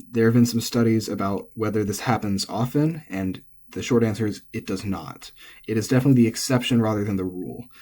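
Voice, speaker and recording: A man with a low, mellow and slightly husky voice, teaching a language lesson. He explains things casually and thinks aloud, with frequent asides and restarts. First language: English. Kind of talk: explaining Japanese pitch accent.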